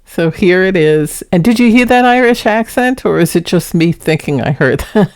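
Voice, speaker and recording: A woman's voice: fairly low pitch, animated, normal speed, background noise. A woman hosting a paranormal vlog in a casual, earnest way, explaining each clip before she plays it. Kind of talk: casual vlog narration introducing clips.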